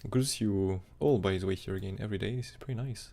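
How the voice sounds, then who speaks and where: Fast-talking gravelly male crypto streamer. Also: on the low side, dark tone. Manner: fast, rambling, non-native phrasing with fillers. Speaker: crypto chart analyst streamer. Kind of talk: live-stream technical analysis chat.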